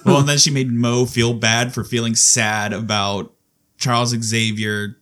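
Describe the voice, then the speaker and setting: A woman's voice: very deep voice, level tone, a little slow, fairly bright tone. A woman co-hosting a podcast in casual chat, playful and teasing. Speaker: podcast co-host.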